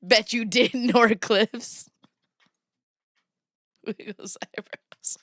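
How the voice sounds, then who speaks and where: A woman's voice: on the high side, extremely slow, fairly bright tone, a little hiss or hum. A woman in her thirties hosting a casual livestream, giggly and often breaking into laughter. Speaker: streamer host.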